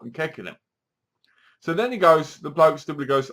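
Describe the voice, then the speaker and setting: A man giving a casual, animated movie review, acting out lines from the film as he goes. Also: a little high, moderate pace.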